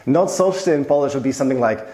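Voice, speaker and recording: A man's voice: medium pitch, expressive, quick pace, warm tone, echoey room. A man explaining everyday phrases in casual talk, telling personal anecdotes along the way. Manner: chatty, tells personal anecdotes. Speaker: video host explaining Polish expressions.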